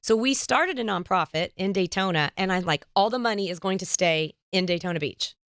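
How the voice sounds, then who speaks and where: Woman podcast host, lively storyteller who acts out quotes; clean, resonant voice, dry studio sound. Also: fairly low pitch, brisk, smooth, no echo. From United States. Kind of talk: casual interview chat.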